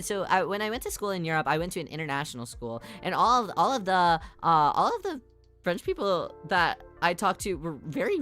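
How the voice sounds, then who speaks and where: In a casual live stream, a woman with a lowish, slightly bright voice chats and rambles. She laughs frequently between thoughts and puts on mock voices.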